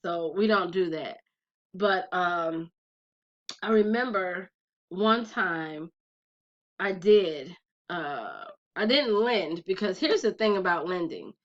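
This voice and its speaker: A young adult woman telling a personal story in a casual vlog, talking straight to her viewers in a chatty, animated way. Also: lowish voice, takes it slowly. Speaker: vlogger. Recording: slightly dull lo-fi recording.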